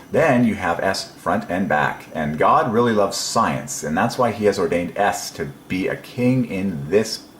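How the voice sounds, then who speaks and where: A low-pitched man talks through a casual, one-man preaching monologue, wandering between thoughts with frequent ums and soft chuckles to himself. His voice bounces around an echoey room. A faint hiss of noise sits underneath. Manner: rambling and musing, many ums, chuckles to himself. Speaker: religious video presenter.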